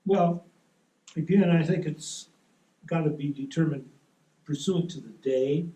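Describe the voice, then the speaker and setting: A man's voice: fairly high pitch, measured pace, long pauses, dark tone. Easygoing man presenting in an echoey room. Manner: easygoing, explains with rules of thumb. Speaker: seminar presenter. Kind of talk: relaxed technical talk. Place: meeting room at a soaring club.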